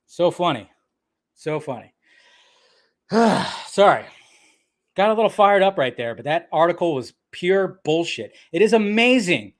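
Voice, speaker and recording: A man hosting a live stream, ranting in an excitable way. He swears often and laughs at himself. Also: high-pitched, measured pace.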